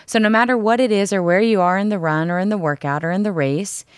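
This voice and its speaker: A woman's voice: medium pitch, fast talker, smooth, no room sound, clean studio sound. A woman speaking frankly and with some profanity in a casual coaching chat, acting out the voices in her head during workouts. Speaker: podcast co-host.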